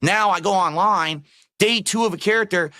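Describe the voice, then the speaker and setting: A man's voice: high voice, normal speed, sharp tone, slight background noise. A man in a played clip ranting with exasperation and swearing about fighting games. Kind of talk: ranting commentary.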